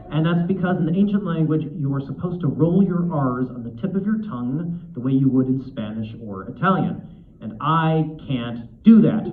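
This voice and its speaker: A man speaking at a convention panel, chatty and self-deprecating, with frequent fillers and restarts. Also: on the high side. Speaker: author and convention guest. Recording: tinny echoey hall recording.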